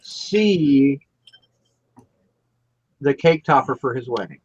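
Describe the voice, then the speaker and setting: Husky man on a dull, dry mic. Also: medium pitch, expressive, slow, a little mellow. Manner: dry teasing quips. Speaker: panelist. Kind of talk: casual podcast chat.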